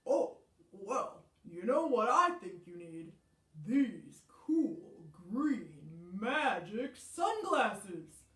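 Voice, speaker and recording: A woman voicing a happy frog in a bright, upbeat storybook voice. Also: mid-range voice, very animated, very slow, full character voice. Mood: cheerful. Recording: roomy sound, mic at a distance.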